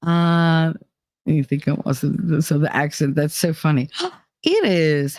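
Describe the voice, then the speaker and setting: A woman from New Jersey with a New Jersey accent, chatting casually on a live stream, reading out her chat and answering it in a blunt, animated way with plenty of swearing. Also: on the low side, takes it slowly, long pauses, no echo, clean studio sound.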